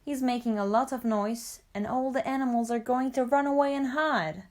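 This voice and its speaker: A woman's voice: fairly high pitch, moderate pace, voice pushed up, close to an everyday voice. Father Wolf, a woman voicing a stern wolf dad. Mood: indignant. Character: proud, protective male father wolf. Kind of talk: storybook reading.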